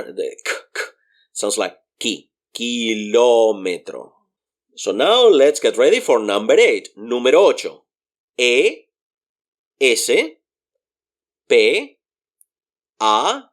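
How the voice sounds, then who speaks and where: A man teaching a beginner Spanish lesson, patiently spelling words letter by letter and explaining pronunciation. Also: mid-range voice. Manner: spells words slowly letter by letter and repeats them.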